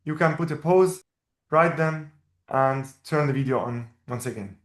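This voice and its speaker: A man whose first language is Arabic, teaching a language lesson and patiently repeating each word slowly. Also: medium pitch. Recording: roomy echo.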